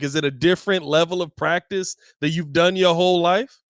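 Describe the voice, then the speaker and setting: A man hosting a casual sports podcast, asking questions in a relaxed, slangy way. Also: a little high, brisk, smooth, no echo, studio quality. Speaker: podcast host.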